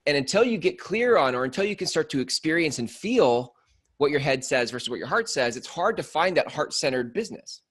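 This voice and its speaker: A man's voice: on the high side, big pitch swings, a little fast, a bit bright. Reflective man in casual podcast talk. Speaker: co-host. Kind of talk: podcast conversation.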